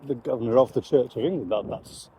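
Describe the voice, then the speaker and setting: A man, a Christian commentator, giving measured, reflective commentary on current events. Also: medium pitch, warm tone, a little hiss or hum, poor audio.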